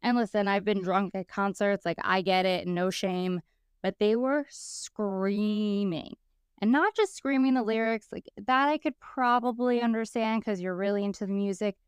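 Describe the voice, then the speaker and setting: A woman in her thirties, co-hosting a podcast, telling stories in a lively, casual way and acting out the people she quotes. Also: medium pitch, moderate pace, clean tone, dry recording, studio quality. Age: 30s. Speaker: podcast co-host.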